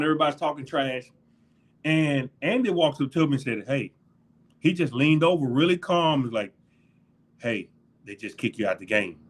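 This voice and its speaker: Laughing, animated middle-aged man telling stories. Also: a little high. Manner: animated storyteller, laughs often, acts out quotes. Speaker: former NFL linebacker, guest. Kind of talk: casual storytelling interview.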